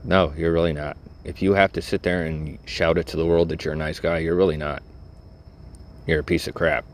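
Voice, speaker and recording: Inside a vehicle, a middle-aged vlogger with a very deep, low voice rambles casually, bluntly and cynically, with lots of fillers and an occasional swear. He keeps a level tone and talks fairly quickly over a faint hum from the road.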